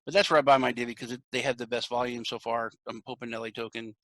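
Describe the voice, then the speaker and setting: A man's voice: mid-range voice, fast talker, no echo. A man hosting a podcast interview, chatting casually and acting out the people he quotes as he tells a story. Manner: animated storytelling, acts out quoted reactions. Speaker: podcast host.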